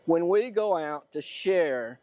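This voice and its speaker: A preacher telling a story in a sermon, animating it by acting out the quotes. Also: male voice, on the high side, animated, slow, a little mellow, no echo.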